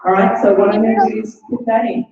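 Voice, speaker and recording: A woman's voice: medium pitch, flat delivery, fast, very echoey, far from the mic, muffled recording, crowd noise. A middle-aged woman giving an earnest motivational talk, repeating phrases for emphasis. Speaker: guest speaker.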